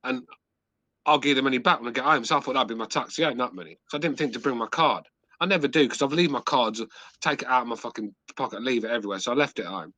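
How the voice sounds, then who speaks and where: A middle-aged man with an English accent tells crude, rambling stories on a podcast, swearing at every turn. His voice is bright and forceful. The sound is dry and close, with no room around it. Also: mid-range voice, lively intonation, quick pace, no echo. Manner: swears constantly, rambling anecdotes. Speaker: podcast host. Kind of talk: crude casual chat.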